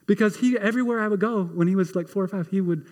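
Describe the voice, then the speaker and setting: A man's voice: sits high, quick pace, a little mellow, long reverb tail. A middle-aged man preaching a sermon as pastor, conversational and emphatic, with repeated phrases and a self-deprecating touch.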